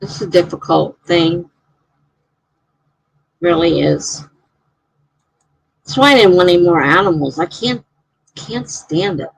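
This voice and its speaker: A woman's voice: on the low side, animated, takes it slowly, creaky, long pauses, husky, rough recording. A woman hosting a live stream, chatting casually and reading out viewer comments in a rambling way.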